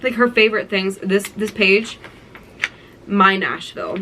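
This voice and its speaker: A woman's voice: medium pitch, measured pace, noisy background. A young woman in her twenties talking through a keepsake collection, gushing and nostalgic, with lots of "like". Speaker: vlogger. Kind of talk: casual show-and-tell vlog.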